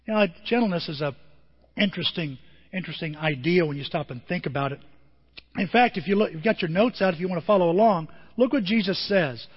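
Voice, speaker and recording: A male pastor with a high voice delivers a conversational sermon, acting out quotes as he goes. His voice rings with a long reverb. The recording is dull and lo-fi. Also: fast, husky. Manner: conversational, animated storytelling with acted quotes.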